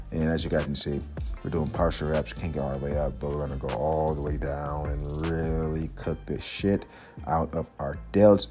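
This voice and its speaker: Young guy with a deep voice, swearing and chatting mid workout, music low in the back. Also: fairly even intonation, moderate pace, mellow. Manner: chatty, profane, upbeat. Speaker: fitness vlogger. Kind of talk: casual workout vlog talk. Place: gym.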